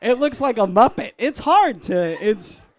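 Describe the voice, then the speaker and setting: A man doing a live stand-up set in a club, deadpan, chuckling at his own jokes. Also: high-pitched, unhurried, some chatter behind. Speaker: stand-up comedian. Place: comedy club stage.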